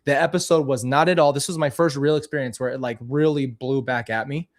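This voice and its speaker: A man's voice: mid-range voice, steady tone, fairly quick. A man talking casually and candidly to camera as a vlogger, commenting on old clips of himself with frequent restarts.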